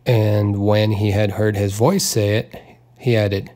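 Slow, measured male audiobook narrator. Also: lowish voice, little pitch movement, dark tone. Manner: unhurried, measured delivery with small voiced character touches. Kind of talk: literary audiobook reading.

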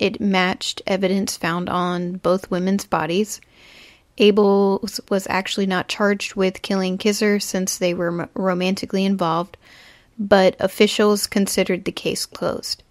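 A young woman tells a true crime story in a flat, even voice that barely rises or falls. She reads from her notes, trips over a word here and there and fixes it. Her voice is recorded close and dry, with no room sound. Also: mid-range voice, no echo. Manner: reads from notes with slips and self-corrections. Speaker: podcast host. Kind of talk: true crime podcast narration.

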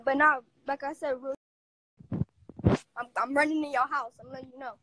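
A woman ranting to camera in a confrontational, profane, rapid-fire way. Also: high-pitched, fairly even intonation, noisy background. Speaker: vlogger. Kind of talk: angry casual rant to camera.

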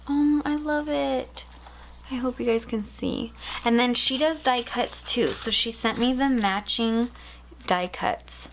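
A young woman in casual chat, unboxing planner supplies at home, gushing and excitable with frequent gasps. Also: on the high side, slow, a little hiss or hum, poor audio. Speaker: planner vlogger. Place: home room.

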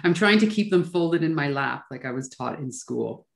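A woman's voice: sits low, animated, moderate pace, vocal fry, echoey room. A woman interviewing a podcast guest in a casual conversation, laughing easily as she asks questions.

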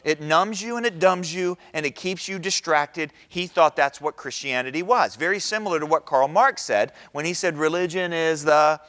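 A middle-aged man giving a sermon-style talk in a church, conversational and animated, often asking the audience questions. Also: moderate pace, few pauses. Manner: animated, with big pitch swings. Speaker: speaker at a church event.

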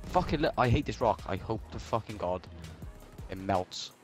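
A man's voice: fairly low pitch, animated, moderate pace, faint music behind. A young man in online game voice chat, swearing nonstop and ranting insults at other players over a headset. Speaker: gamer.

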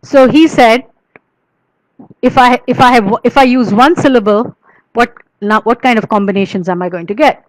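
A woman's voice: on the high side, moderate pace, no echo, rough recording. A woman giving an academic lecture, explaining patiently with frequent fillers and restarts, and chanting verse in rhythm. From India.

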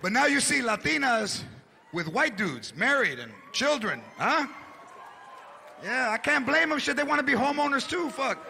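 A man in his forties doing animated stand-up comedy, shouting punchlines on stage at a live show with audience laughter. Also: very high voice, normal speed, creaky, background noise.

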